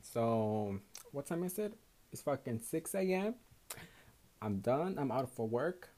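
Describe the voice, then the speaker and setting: A young male podcast host with a Mexican Spanish accent talks in a loose, rambling monologue. He is tired after a night shift, swears freely and slips back and forth between English and Spanish. His voice sits at an ordinary middle pitch for a man. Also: expressive, slow pace, warm tone. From Houston, Texas, USA. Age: young adult. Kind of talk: casual solo podcast monologue.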